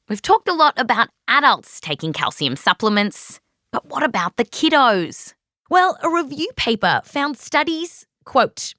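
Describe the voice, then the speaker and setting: A woman's voice: mid-range voice, bright, forceful tone, no room sound, clean studio sound. A woman with an Australian accent hosting a science podcast, narrating from a script and interviewing with a playful, jokey manner. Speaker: podcast host.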